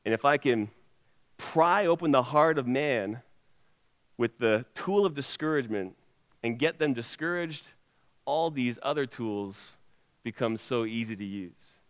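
A preacher voicing the devil as a sly, scheming male figure in a low, hushed tone. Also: measured pace, smooth, lightly acted. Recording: long hall reverb.

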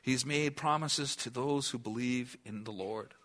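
A man's voice: medium pitch, moderate pace. Earnest male preacher asking questions. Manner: earnest, asks the listeners questions, then drops to a hush. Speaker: pastor. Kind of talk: sermon.

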